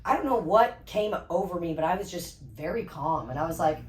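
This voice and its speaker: A woman's voice: fairly low pitch, animated, a little fast. A woman co-hosting a podcast in casual chat, telling stories with swearing and frequent laughter. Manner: storytelling, swearing, laughing often. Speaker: podcast co-host. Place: comedy club green room. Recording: roomy room with faint background noise.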